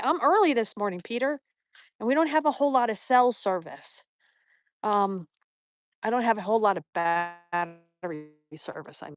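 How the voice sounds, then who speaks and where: A woman's voice: a little high, dry recording, studio quality. A woman hosting a live stream on a morning walk outdoors, chatting with viewers, reading their comments aloud and baby-talking to her dog. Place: outdoors at a mountain park.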